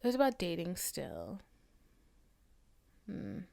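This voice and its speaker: A woman's voice: lowish voice, wildly swooping pitch, slow pace, creaky, mellow. Blunt, exasperated woman podcaster. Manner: blunt, exasperated, drops into whispers and swearing. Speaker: podcast host. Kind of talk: casual solo podcast rant.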